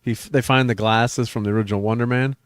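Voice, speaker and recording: A man's voice: medium pitch, fairly even intonation, fast, dry recording, studio quality. A man hosting a live stream, chatting casually about a show, hesitant, with many fillers, restarts and chuckles. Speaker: podcast host.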